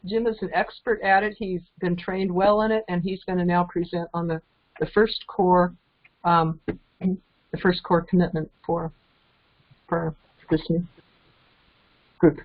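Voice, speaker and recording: A woman's voice: lowish voice, little pitch movement, a little slow, pauses often. A woman hosting an online group session, calling on participants and thanking them effusively. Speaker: host of a group call. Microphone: video call. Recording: slightly muffled call audio.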